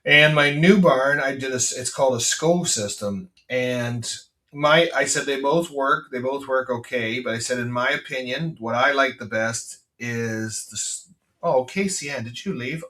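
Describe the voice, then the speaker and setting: A man's voice: medium pitch, moderate pace, pushed and bright, distant mic. A Canadian man, a farmer hosting his podcast, talking in a blunt, rambling way with lots of fillers and restarts. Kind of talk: casual rambling monologue. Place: farm.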